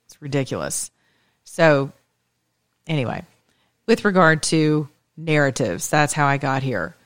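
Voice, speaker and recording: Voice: medium pitch, dry recording. Talk radio host, opinion monologue, emphatic, scornful, preachy, close mic, dry sound. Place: Atlanta area. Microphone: close studio mic.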